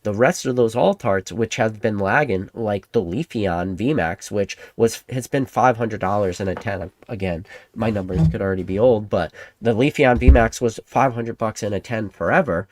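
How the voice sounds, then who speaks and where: A man hosting his own channel, talking in a rambling, animated way and acting out the imagined replies of his viewers. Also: on the low side, normal speed, no echo. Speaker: Pokemon card collector and channel host. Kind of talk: casual monologue to camera.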